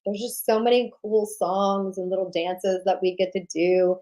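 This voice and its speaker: A woman hosting an online sales summit livestream, giving an emphatic motivational talk that repeats lines for emphasis and swings between loud punches and low, intimate drops. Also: level tone, moderate pace, low-quality recording. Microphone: livestream webcam mic.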